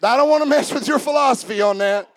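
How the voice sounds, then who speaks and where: A man preaching a sermon as pastor, swinging from quiet joking asides to shouted preaching and calling out to the congregation. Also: very high voice, quick pace, no echo. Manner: talks back and forth with the congregation. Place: church service.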